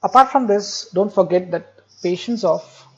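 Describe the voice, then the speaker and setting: A man's voice: high voice, a little slow, a bit bright, dull audio. A man giving a medical lecture, explaining step by step, repeating key terms and speaking directly to students with light jokes. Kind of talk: recorded exam-prep lecture.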